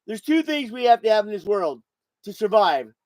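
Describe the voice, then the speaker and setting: This man in his sixties hosts a podcast, and his voice sits high with big swings in pitch and a darkish tone at normal speed. Buzzed and intoxicated, he rambles, swears, and repeats himself through a casual monologue. The recording is low quality, with no room sound.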